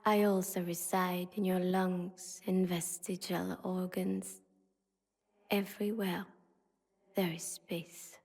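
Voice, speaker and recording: The spirit of a city in a whispered role-play, breathy and hushed, speaking slowly and evenly. Her voice trails into a long, hall-like reverb. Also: on the low side, level tone, heavily acted. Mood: intimate whisper. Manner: slow, hushed and intimate. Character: whispering spirit of a city, female, intimate, devoted.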